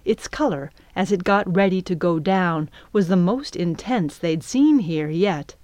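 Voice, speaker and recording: Narrating a children's adventure audiobook, a woman uses a measured, even storytelling manner. Her voice is on the low side, and there's no room sound in this scripted narration.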